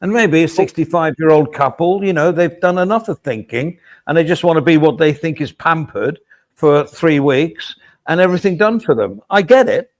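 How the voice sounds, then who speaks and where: A man's voice: a little high, animated, moderate pace. A man co-hosting a podcast, talking in a rambling, chatty way with casual swearing. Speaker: podcast co-host. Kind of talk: casual chat.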